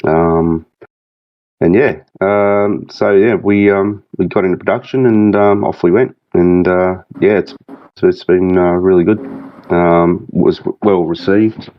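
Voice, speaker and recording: Deep-voiced Australian man, laid-back. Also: steady tone, measured pace, dry recording, lo-fi sound. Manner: rambling, laid-back storytelling. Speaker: guest, game mod creative director. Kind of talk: casual podcast chat.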